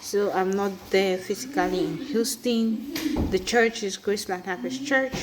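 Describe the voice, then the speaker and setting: A woman from Cameroon with a Cameroonian accent, vlogging in a chatty way, often asking "right?" and filling pauses with "um". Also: medium pitch, a crowd in the background. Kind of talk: casual personal vlog.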